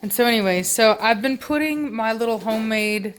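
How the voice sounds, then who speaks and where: A woman's voice: on the high side, a little fast, a little hiss or hum. A woman in a casual home vlog, rambling with many fillers as she talks about her dogs, then giving firm short commands to a dog. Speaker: dog breeder and trainer. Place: home living room.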